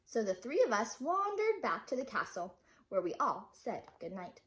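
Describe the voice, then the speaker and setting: A woman's voice: a little high, very animated, normal speed, fairly bright tone, a little hiss or hum. A woman teacher reading a children's picture book aloud with dramatic expression.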